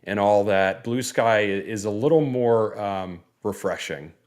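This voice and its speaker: A man from Northeast Florida chats his way through a sports podcast in a somewhat low voice. He rambles easily, doubling back on his words and leaning on fillers. His tone stays relaxed and conversational the whole time. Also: a little slow. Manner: easygoing, rambling with fillers and restarts. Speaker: podcast co-host. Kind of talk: casual sports podcast chat.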